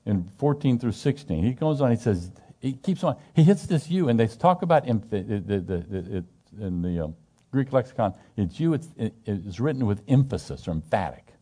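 A man's voice: lowish voice, sing-song, normal speed, warm tone, husky. A middle-aged man teaching scripture in a loose, conversational way, emphatic and asking his group questions, often restarting his sentences. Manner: frequent restarts and repetitions. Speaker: Bible study teacher.

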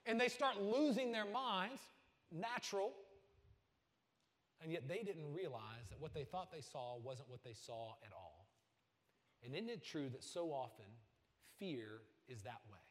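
A man preaching a sermon, swinging from loud bursts to hushed lines. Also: mid-range voice, expressive, normal speed, in a large hall. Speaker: pastor.

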